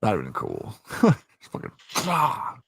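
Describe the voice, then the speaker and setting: A man's voice: fairly low pitch, takes it slowly, creaky, husky, dry recording. A man hosting a casual chat, retelling scenes with lots of swearing and laughter. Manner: animated storyteller, swears freely, laughs often. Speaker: host.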